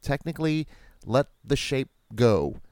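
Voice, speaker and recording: Podcast co-host: wry, rambling man, average pitch, dry studio mic. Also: sing-song, a little slow, darkish tone, clean tone, no room sound. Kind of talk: casual movie commentary chat.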